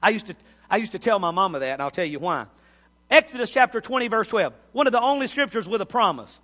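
A man, preaching a folksy sermon and repeating words when he presses a point. His voice is high and bright. The sound carries the long reverb of a church hall. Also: lively intonation, quick pace. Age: 50s. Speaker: pastor. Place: church sanctuary.

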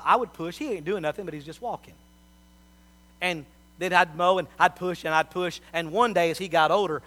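A middle-aged man preaching a sermon, telling folksy family stories and swinging from soft asides to loud appeals. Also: high voice. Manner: folksy storytelling with big swings in loudness.

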